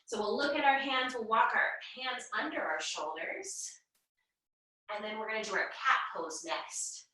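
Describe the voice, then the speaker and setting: A young woman leading a children's yoga class, giving gentle, encouraging, sing-song instructions. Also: a little high, expressive, unhurried, very echoey, recorded from a distance, low-quality recording. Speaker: kids' yoga teacher.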